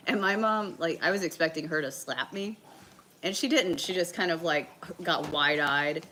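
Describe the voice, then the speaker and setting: A Southern American woman who hosts a livestream is sick with a bug and tells a story casually, full of fillers and swearing. Her voice is on the low side, pushed and bright, at a moderate pace, in a rough recording with slight background noise.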